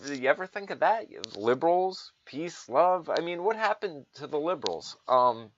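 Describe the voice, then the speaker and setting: A man's voice: a little high, lively intonation, normal speed, a bit bright, lo-fi sound, a little hiss or hum. A man giving ranting political commentary, sarcastic and profane, mocking others in put-on voices.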